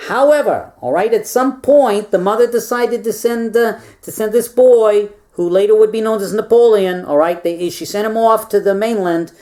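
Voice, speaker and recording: A woman's voice: medium pitch, moderate pace, few pauses, warm tone. A woman giving a rambling, comic history lesson to stuffed animals, tagging her lines with "all right?" and repeating words as she goes. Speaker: presenter teaching stuffed animals.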